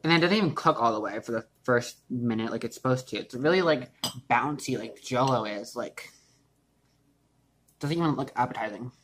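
A man's voice: medium pitch, moderate pace, noisy background. A young man chatting casually in his home kitchen while baking for his vlog, rambling and self-mocking, with lots of fillers and swearing. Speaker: vlogger.

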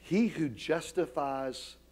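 A middle-aged man preaches slowly as a pastor, his voice fairly high. He pokes fun at himself, sinks into quiet asides, and rises into loud, emphatic calls.

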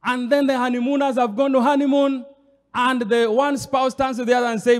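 A man's voice: very high voice, flat delivery, brisk. A man preaching a sermon as pastor, emphatic and repetitive, speaking straight to the congregation. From Kenya. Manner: emphatic, repeats phrases, addresses the congregation directly. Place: church hall. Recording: long hall reverb.

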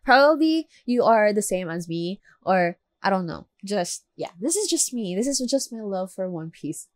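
A woman's voice: mid-range voice, very animated, moderate pace, dry recording. A woman doing casual anime reaction commentary, chatty and emotional as she talks straight to her viewers. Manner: chatty, addresses viewers directly; emotional, gushing.

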